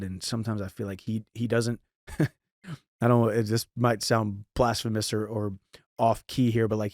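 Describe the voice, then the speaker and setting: A man in his thirties from St. Louis, Missouri, hosts a podcast answering listener questions, offering casual, earnest advice with frequent restarts. His voice is lowish and a little mellow, recorded at studio quality with no room sound.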